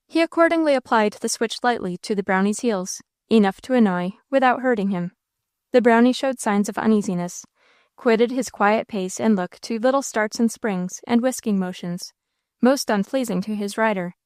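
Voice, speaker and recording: A woman narrating a classic novel in a measured, expressive reading style. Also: a little high, smooth, no echo, clean studio sound. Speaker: audiobook narrator. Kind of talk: scripted narration.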